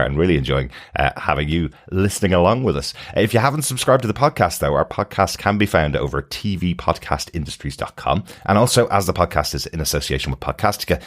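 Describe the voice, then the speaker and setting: Male podcast host, very low voice, lively swoops, chatty and laughing. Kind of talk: casual podcast chat.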